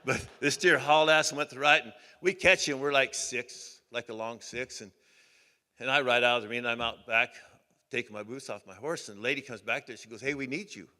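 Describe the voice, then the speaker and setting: A man's voice: medium pitch, fairly quick, pushed and bright. An older man from Oregon giving a banquet speech, telling folksy, rambling anecdotes with many restarts. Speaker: hall of fame inductee giving a speech. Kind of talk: banquet acceptance speech, storytelling. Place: banquet hall. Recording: long hall reverb.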